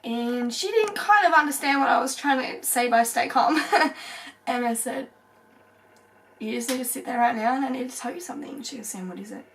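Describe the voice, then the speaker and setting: Young woman vlogger, tearful personal storytelling, higher pitch, set back from the mic. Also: a bit bright, far from the mic, slight background noise, low-quality recording. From Australia. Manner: halting, emotional, many fillers and pauses.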